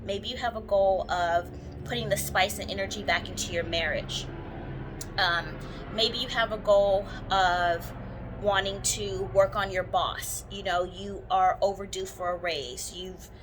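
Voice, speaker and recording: A woman's voice: medium pitch, fairly even intonation, a little slow, noisy background. A woman giving a casual how-to talk to camera about spells, chatty and rambling, with many ums and restarts. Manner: enthusiastic about her own work. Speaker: spiritual practitioner teaching jar spells.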